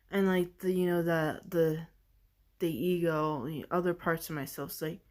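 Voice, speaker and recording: A woman vlogger recounting a personal experience in a halting, searching way, earnest and emotional, leaning heavily on "like". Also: on the low side, little pitch movement, a little mellow. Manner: halting and searching, heavy use of "like". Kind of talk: personal storytelling.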